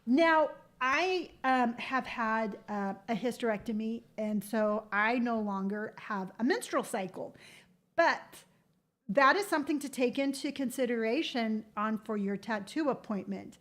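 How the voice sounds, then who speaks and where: An older woman chatting frankly to camera as a vlogger, giving tattoo advice with quick asides and playful quoted voices. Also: on the high side, lively intonation, a bit bright. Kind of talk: casual chat to camera.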